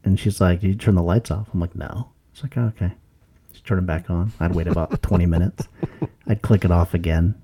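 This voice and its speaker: A man's voice: sits low, fairly even intonation, brisk, warm tone, slightly rough. A man co-hosting a casual podcast, telling laid-back anecdotes and swearing casually. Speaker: podcast co-host. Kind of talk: casual chat.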